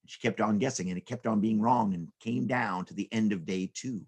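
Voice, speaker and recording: A man's voice: fairly low pitch, brisk, a little mellow, slightly rough. A man telling silly stories to children in a playful way, with sound effects and character voices. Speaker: children's storyteller. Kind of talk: storytelling for children.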